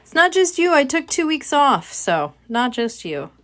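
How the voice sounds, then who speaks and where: A woman's voice: sits high, sing-song, a little slow, fairly bright tone. A woman chatting casually with her livestream viewers while she works on a craft project, joking at her own expense. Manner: chatty, self-mocking, talks to chat viewers. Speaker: livestream host.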